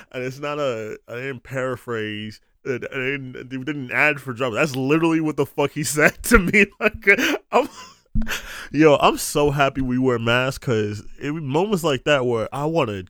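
A man's voice: medium pitch, unhurried, fairly bright tone, dry recording, clean studio sound. A young man hosting a podcast, telling a story in a casual, profane, ranting way with frequent laughs. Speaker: podcast host.

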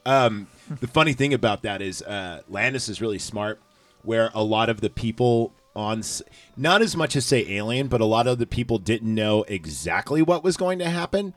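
A man's voice: on the low side, expressive, normal speed, no echo. A man hosting a casual movie recap chat, rambling with lots of fillers and profanity. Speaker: podcast host.

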